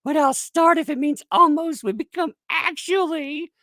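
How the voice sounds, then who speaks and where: A man putting on a whiny, taunting online troll in a high, squeaky mocking whine. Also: moderate pace, bright, forceful tone, no echo, clean studio sound. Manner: sneering, sing-song taunts.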